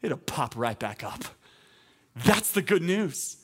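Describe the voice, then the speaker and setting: A male teaching pastor preaching a sermon in a conversational, emphatic way that climbs to loud proclamations. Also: on the high side, sing-song, slow, husky.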